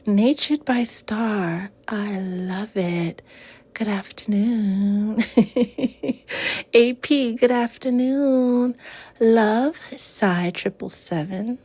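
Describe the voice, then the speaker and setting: Lady spiritual reader on a live, talks slow and easy, stretches out her hellos, whispers the soft bits. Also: mid-range voice, slightly rough. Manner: greets viewers by name with drawn-out hellos; drops into soft whispered affirmations. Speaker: spiritual reader hosting a livestream. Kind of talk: casual livestream chat.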